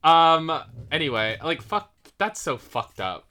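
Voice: mid-range voice, slow. A young adult co-hosting a casual podcast, talking over a TV episode, enthusiastic and swearing freely. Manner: enthusiastic, swears, lively agreement. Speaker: podcast co-host. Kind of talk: casual TV recap chat.

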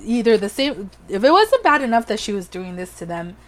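A woman's voice: medium pitch, fairly quick. Podcast co-host, woman, Spanish first language, casual storyteller who acts out quotes. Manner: lively retelling, acts out quotes in dramatic voices.

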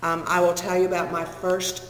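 A woman in her sixties with a Texan accent shares her life story with an audience, candid and quick to laugh at herself. Her voice sits mid-range and carries the long echo of a big hall. A faint hum of background noise sits behind it. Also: on the low side, monotone. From Northern California. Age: 60s. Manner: candid, self-deprecating, humorous storyteller. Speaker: speaker sharing her recovery story. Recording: echoey hall with long reverb.

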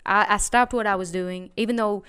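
Smooth-voiced woman telling a rambling story. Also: mid-range voice, fairly even intonation, fairly quick, pushed and bright. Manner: rambling, emphatic storytelling with many restarts. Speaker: guest telling her story. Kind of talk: casual podcast chat.

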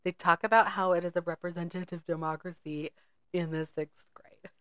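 A woman co-hosting a podcast in casual chat, talkative and quick to laugh, wandering off into side notes. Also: on the low side, fairly even intonation, fairly bright tone, no echo, studio quality. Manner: chatty, laughs often, goes off on side notes. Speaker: podcast co-host.

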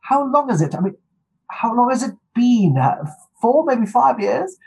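A man's voice: extremely high pitch, big pitch swings, a little slow, gravelly, a little mellow, husky, heavily acted, rough recording. A man putting on a posh old eccentric. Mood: plummy. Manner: plummy, fussing, affectionate. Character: posh, eccentric, lecherous older gentleman. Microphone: video call.

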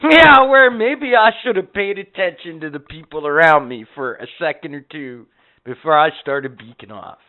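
A man's voice: on the high side, lively intonation, normal speed. A man telling rambling, profane stories as a podcast co-host in casual chat. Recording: tinny phone-like audio.

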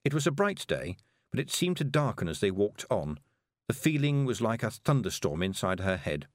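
A man narrating a children's fantasy novel in an expressive, measured storytelling voice. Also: lowish voice, no room sound, clean studio sound. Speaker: audiobook narrator. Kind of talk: scripted narration.

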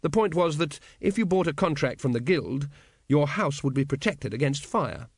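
A man narrating a comic fantasy audiobook in a wry, expressive storytelling manner. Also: on the high side, moderate pace, dry recording, clean studio sound. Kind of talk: scripted narration.

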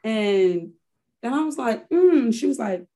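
A woman's voice: on the high side, lively intonation, a little slow, mellow. A woman from Harlem, New York, reflectively telling a personal story as an interview guest, often restarting her sentences. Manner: reflective, with frequent restarts and fillers.

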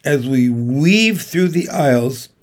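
A man reading a children's novel aloud in a steady, unhurried way. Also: mid-range voice. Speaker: reader.

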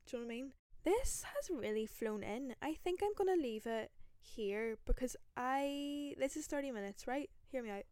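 A young Northern Irish woman hosting a podcast, telling a story in a lively, self-mocking way, full of rambling asides, into a single microphone. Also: fairly high pitch, moderate pace, few pauses, clean tone, no echo, clean studio sound. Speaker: podcast host. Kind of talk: casual solo storytelling.

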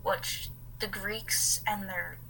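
A woman with a bright, clear tone co-hosts a casual podcast. She rambles through a story from her notes and breaks off for offhand asides. Her pitch sits at an ordinary middle height. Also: steady tone, drawn-out words, a little hiss or hum, low-quality recording. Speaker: podcast co-host.

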